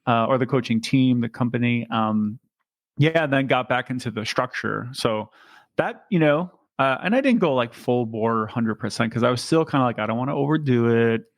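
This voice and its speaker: A man's voice: mid-range voice, animated, normal speed, no echo, clean studio sound. A man co-hosting a podcast, chatting casually about bike racing and rambling with lots of ums and restarts. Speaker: podcast co-host and amateur bike racer. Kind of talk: casual chat.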